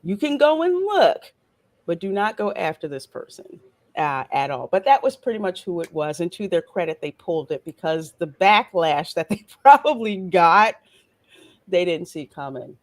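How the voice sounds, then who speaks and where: A woman hosting a live stream, with a lively voice that swings up and down as she greets viewers and reads out their chat messages. She talks in a relaxed, chatty way. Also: lowish voice, normal speed.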